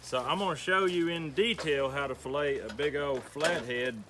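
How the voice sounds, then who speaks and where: A man's voice: a little high, normal speed, a bit bright, slight background noise. A middle-aged man hosting a homestead show, giving an easygoing, folksy step-by-step demonstration. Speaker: homestead channel host. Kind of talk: how-to demonstration.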